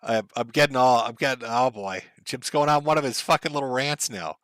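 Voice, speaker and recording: A man's voice: mid-range voice, fairly quick, fairly bright tone, dry recording. A man hosting a livestream, ranting in a profane, heated, sarcastic way and reading out viewer messages. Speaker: livestream host.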